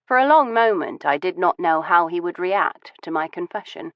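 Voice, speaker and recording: A woman narrating a first-person audiobook in a composed, measured way. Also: lowish voice, lively intonation, no room sound. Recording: dull, dry studio audio.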